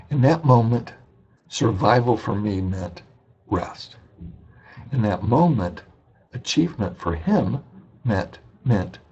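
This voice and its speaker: Guy lecturing in an online class, low husky gravelly voice, kinda dull lo-fi sound. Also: darkish tone. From Indiana, USA. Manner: conversational storytelling, acts out quoted dialogue. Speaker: business ethics instructor. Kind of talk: recorded course lecture, storytelling.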